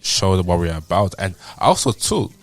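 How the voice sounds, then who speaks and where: A young adult man, a podcast guest, giving relaxed, rambling advice in casual chat. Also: low-pitched, normal speed. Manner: laid-back, advice-giving, loose and rambling.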